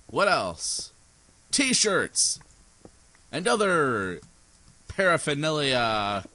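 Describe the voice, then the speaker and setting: A man's voice: mid-range voice, sing-song, takes it slowly, pushed and bright, no room sound. A sleepy young man rambling through let's play commentary, goofy and scattered, with silly asides. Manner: goofy, rambling, sings snippets and silly voices. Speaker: gaming YouTuber.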